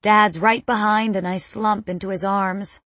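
A woman's voice: medium pitch, flat delivery, unhurried, a bit bright, no room sound. A woman narrating a first-person audiobook with tense, dramatic storytelling.

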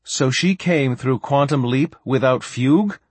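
A man's voice: medium pitch, very animated, normal speed, husky, dry recording, voice pushed up. A male narrator voicing an anxious father who presses for answers. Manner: insistent questioning. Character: worried, demanding father.

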